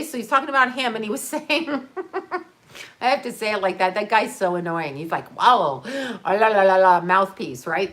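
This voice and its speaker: A woman's voice: medium pitch, fairly bright tone. Chatty rambling woman livestreaming. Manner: rambling, chatty, laughs often, speaks to viewers. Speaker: livestream host. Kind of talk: casual livestream chat reading comments.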